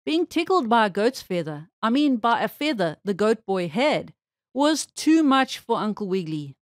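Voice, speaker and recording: A woman reading a children's storybook aloud with expressive, animated storytelling. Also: mid-range voice, moderate pace, no room sound, clean studio sound.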